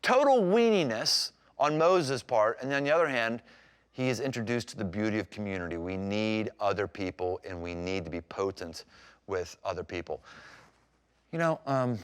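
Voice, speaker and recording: A man's voice: fairly low pitch, moderate pace, clear, resonant tone. A man preaching a sermon as pastor, conversational and emphatic, acting out scripture scenes. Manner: animated, acts out scripture scenes with voices.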